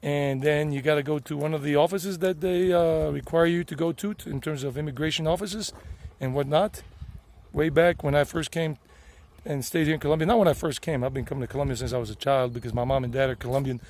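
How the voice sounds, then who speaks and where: A man's voice: on the high side, fairly even intonation, a little fast, a little mellow. A middle-aged man from the United States with a Southern American accent, rambling chattily as he vlogs outdoors in the countryside. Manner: rambling, chatty, self-correcting. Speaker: vlog host. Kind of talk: casual outdoor vlog talk.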